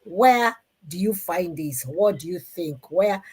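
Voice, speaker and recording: A middle-aged woman with a Kikuyu Kenyan accent, hosting a live-streamed talk show in an animated, emphatic way. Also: lowish voice, takes it slowly, breathy edge. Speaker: host.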